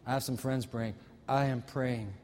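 A male pastor preaching a sermon, telling a story dramatically and slowing down on key words for emphasis. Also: mid-range voice, fairly even intonation, darkish tone, big-room sound, slight background noise.

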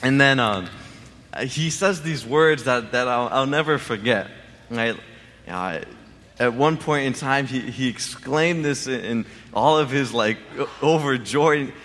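A man's voice: medium pitch, unhurried, fairly bright tone, long reverb tail. A man telling a personal story in a casual, rambling way, full of restarts and asides. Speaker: interviewee sharing a testimony.

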